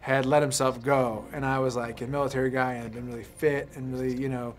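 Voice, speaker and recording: A man's voice: mid-range voice, flat delivery, fast talker. Rambling man in casual interview. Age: 30s. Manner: rambling, full of fillers and restarts. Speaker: actor promoting a film.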